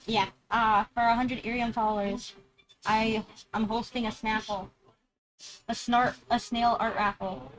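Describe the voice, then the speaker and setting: A woman's voice: a little high, steady tone, unhurried, low-quality recording. A woman hosting a live stream, chatting playfully and greeting viewers as she goes. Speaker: livestream host. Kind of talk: casual live-stream chat.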